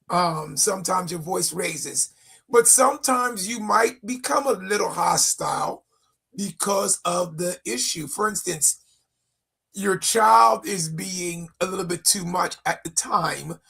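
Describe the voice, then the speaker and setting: A man's voice: sits high, vocal fry, a bit bright, husky. A man co-hosting a casual faith talk show, often restarting and repeating his words. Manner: halting, repeats words when starting. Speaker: co-host. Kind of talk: casual chat.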